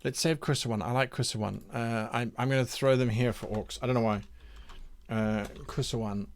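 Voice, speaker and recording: This man leads a streamed campaign-design session as game master, voicing viewers' ideas and thinking aloud. His pitch is medium and his intonation fairly even, at an ordinary speed, as he pauses and says names over to test them.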